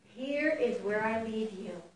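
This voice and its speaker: A woman voicing a gray male wolf in a spoken fable, who cackles and repeats himself before turning calm and solemn. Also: a little high, takes it slowly, pitched below the performer's own voice. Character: gray male wolf, first crazed then wise. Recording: echoey hall from far off, faint noise.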